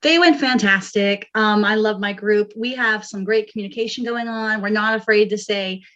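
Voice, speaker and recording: A woman's voice: medium pitch, moderate pace, a bit bright. Woman, contestant, upbeat, muffled dull audio. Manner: upbeat, enthusiastic.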